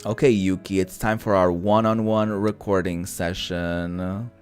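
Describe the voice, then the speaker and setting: A man's voice: sits low, level tone, measured pace, a little mellow, soft background music. A man giving casual, playful commentary over a video game, teasing the characters and laughing at the dialogue. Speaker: gaming video creator.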